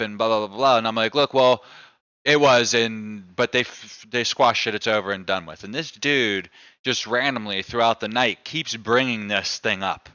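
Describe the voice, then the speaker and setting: A man's voice: fairly low pitch, normal speed, pushed and bright, clear, resonant tone, no room sound. A man hosting a live stream, telling a bar story in loose, profane, casual chat. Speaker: streamer host.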